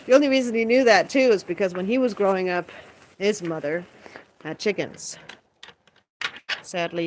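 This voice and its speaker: A woman's voice: on the low side, a little hiss or hum. A woman in her thirties chatting casually while she puts her backyard birds to bed, rambling and stopping to coo at them. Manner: rambling, stops to coo bedtime words at the birds. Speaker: pet goose vlogger. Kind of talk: casual chat while doing evening chores. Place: outdoors by a backyard coop.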